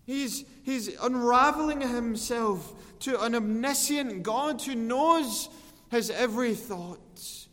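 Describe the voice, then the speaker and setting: High-voiced slow preaching man in a hall. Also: fairly bright tone. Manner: earnest, slows and swells on scripture. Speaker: pastor. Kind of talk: sermon.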